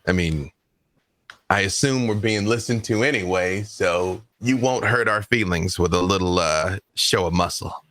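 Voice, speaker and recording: A man voicing a gruff, blunt male tough guy in a lowered voice. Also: measured pace, a bit bright, dry recording.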